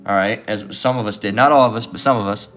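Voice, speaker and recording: This is street-style religious teaching: a man preaches and reads scripture in a heated, profane manner, adding "all right" to almost every phrase and mocking his opponents' voices. He talks fast in a lowish, fairly bright voice, over faint background music.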